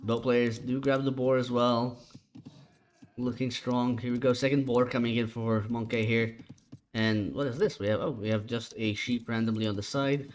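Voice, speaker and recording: A tired man doing chatty solo commentary on a strategy game match, relaxed and casual. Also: medium pitch, normal speed. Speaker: esports caster.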